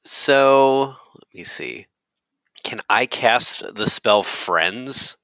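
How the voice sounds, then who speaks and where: A man's voice: medium pitch, very slow, bright, forceful tone, no echo, rough recording. A man playing a tabletop game, chatting loosely with lots of fillers. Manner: loose, filler-heavy speech. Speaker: player. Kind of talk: casual chat at a game table.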